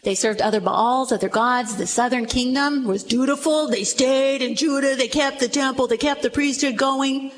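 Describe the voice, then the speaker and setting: A middle-aged woman with a high voice preaches to a room full of listeners. She tells the story with animation and acts out each person in it, in sermon style. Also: moderate pace, hardly any pauses, a little hiss or hum, low-quality recording. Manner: animated storytelling, acting out the quoted speakers. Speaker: Bible teacher. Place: room with a live audience.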